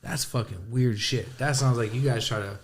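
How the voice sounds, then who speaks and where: Man, podcast guest, casual chat, animated storytelling, slang and swearing, middle pitch. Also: normal speed. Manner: animated storytelling, heavy slang and swearing, acts out his own reactions.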